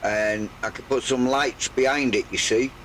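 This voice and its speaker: An older man with a slightly croaky voice, chatting in a rambling, hesitant way while streaming a farming game. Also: mid-range voice, steady tone, fairly bright tone, slight background noise, low-quality recording. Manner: rambling, hesitant, full of pauses. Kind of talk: relaxed live gameplay chat.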